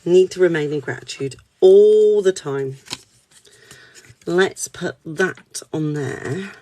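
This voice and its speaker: A woman's voice: lowish voice, slow pace, mellow, a little hiss or hum. A woman, speaking as a spiritual card reader at her desk, reassuring and candid, swearing casually. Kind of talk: live spiritual reading chat.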